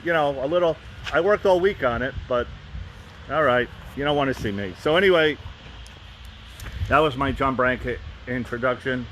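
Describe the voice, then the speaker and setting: A man's voice: medium pitch, normal speed, long pauses, fairly bright tone, slight background noise. A man live-streaming from a phone outdoors, rambling casually with frequent restarts and asides. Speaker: vlogger and fan group host.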